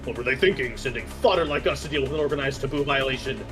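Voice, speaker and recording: A dutiful corporate fixer who speaks in a brisk, official, matter-of-fact way, read by a man. He talks quickly, with clear game music playing behind. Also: mid-range voice, close to an everyday voice.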